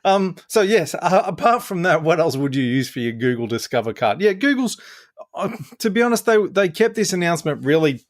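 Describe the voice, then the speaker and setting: A man's voice: fairly high pitch, big pitch swings, brisk, no echo, studio quality. A man with an Australian accent co-hosting a tech podcast, asking questions in an easygoing way and laughing easily. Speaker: podcast co-host. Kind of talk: casual podcast chat.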